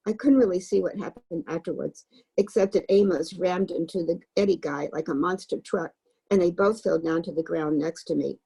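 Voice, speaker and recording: A woman reads a novel aloud for a book club. Her voice sits low and dark, with a gravelly, husky grain. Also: normal speed, rough recording.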